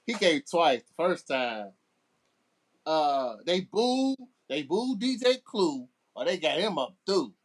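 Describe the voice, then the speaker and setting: A middle-aged man tells laid-back stories from his years as a DJ. His delivery is unhurried and his pitch rises and falls a great deal. He restarts his sentences often as he talks. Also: sing-song. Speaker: guest DJ. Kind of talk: casual storytelling.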